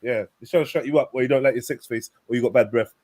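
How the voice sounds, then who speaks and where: A man's voice: very fast, no echo. A young man hosting a crude, joking chat show, telling stories in a boisterous way. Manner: joking, boisterous storytelling with animated pitch swings. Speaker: show host. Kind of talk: crude casual banter.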